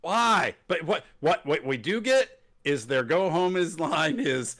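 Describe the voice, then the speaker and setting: A man hosting a wrestling podcast, talking casually and sarcastically. His pitch swings widely as he mocks promos in put-on voices. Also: animated, a little slow, fairly bright tone. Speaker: podcast host. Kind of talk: casual wrestling recap chat.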